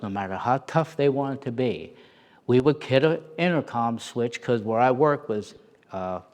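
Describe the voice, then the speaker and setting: A middle-aged man telling stories as an interview guest, animated and acting out the voices he quotes. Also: mid-range voice. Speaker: interview guest, former prison officer. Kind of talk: storytelling in a conversation.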